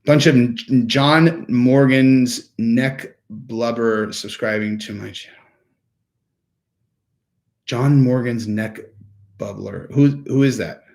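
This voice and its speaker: A man hosts a relaxed livestream in an everyday, mid-pitched voice. He rambles from thought to thought, leans on fillers like "like" and "I mean," and restarts his sentences often. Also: slow pace, long pauses. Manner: rambling, filler-heavy talk with frequent "like" and restarts. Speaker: livestream host. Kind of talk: casual livestream chat.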